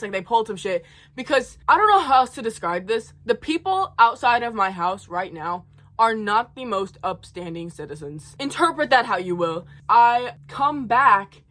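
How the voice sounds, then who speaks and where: A woman's voice: fairly high pitch, a bit bright. A young woman in college telling a profane, heated storytime rant in her own rambling way. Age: young adult. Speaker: college student vlogger.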